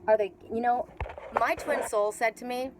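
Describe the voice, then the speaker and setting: Her voice on the high side and her pace moderate, a middle-aged Canadian woman with a Canadian accent offers a casual spiritual tarot reading outdoors on a patio. She rambles, restarting often and using many fillers, with background noise audible.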